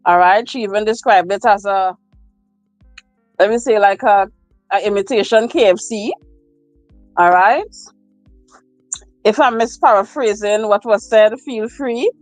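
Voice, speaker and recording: A woman's voice: mid-range voice, no room sound, soft background music, poor audio. A woman hosting a casual livestream, reading out viewer comments, repeating herself and laughing often. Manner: slow, repetitive, laughs often. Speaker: livestream host. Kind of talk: casual live chat. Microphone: phone.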